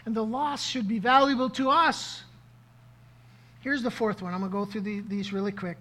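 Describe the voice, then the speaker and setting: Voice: mid-range voice, fairly even intonation, moderate pace, a bit bright. Pastor preaching live; interactive, call-and-response, repeats key lines for emphasis. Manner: interactive, asks the audience questions, repeats key phrases. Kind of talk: sermon to a live congregation.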